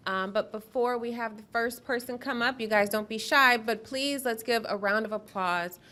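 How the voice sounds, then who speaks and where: A woman's voice: fairly high pitch, moderate pace, sharp tone. A woman moderating a panel discussion at a podium in an event hall, organized and friendly.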